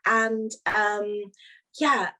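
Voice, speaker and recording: A woman's voice: medium pitch, steady tone, very slow, bright, forceful tone. A woman hosting a casual interview, encouraging her guest with short prompting questions. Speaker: interview host.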